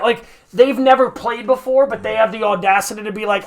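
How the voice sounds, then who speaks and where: High-voiced young man rambling on a podcast. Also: fairly quick, hardly any pauses. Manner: rambling, animated, swearing, mimics people in quotes. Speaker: podcast host. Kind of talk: casual podcast chat.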